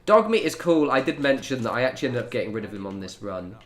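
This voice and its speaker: A man's voice: medium pitch, sing-song, fast, a bit bright. A young man chatting casually while he streams a game, rambling in asides to his viewers. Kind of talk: casual gameplay commentary.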